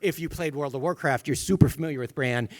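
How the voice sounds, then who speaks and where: A man who designs games, explaining a character on a convention panel in a brisk way. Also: fairly high pitch. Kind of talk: casual panel chat.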